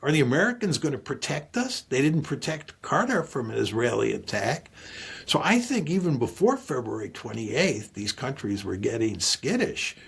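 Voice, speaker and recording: A man's voice: medium pitch, sing-song, normal speed, gravelly, husky. A male analyst explaining regional politics with rhetorical questions. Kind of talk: analytical commentary.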